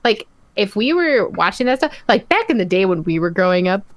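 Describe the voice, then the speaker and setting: A young woman guesting on a podcast, chatting casually and easygoingly with many fillers, slowing down as she thinks aloud. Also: mid-range voice, sing-song, dry recording.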